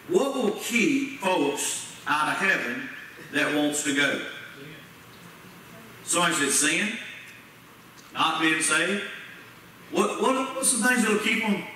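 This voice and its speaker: A pastor's high, bright voice rings out with force through an echoey church sanctuary, heard from a distance amid faint noise. His preaching is folksy and plain-spoken, Southern in its grammar, and he puts questions to the congregation.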